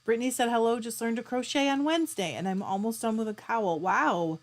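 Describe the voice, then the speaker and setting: A woman hosting a casual live stream. She reads out viewers' comments, chats back to them and keeps clearing her throat. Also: fairly high pitch, moderate pace, few pauses. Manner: chatty, reads out comments and answers them warmly. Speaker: livestream host.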